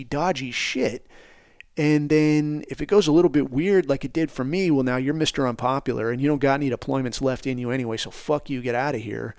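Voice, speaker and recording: A man's voice: medium pitch, darkish tone, no room sound, clean studio sound. A middle-aged man from the United States, telling personal stories in a blunt, profane, rambling way. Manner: profane, blunt, rambling, says "dude" a lot. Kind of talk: casual storytelling.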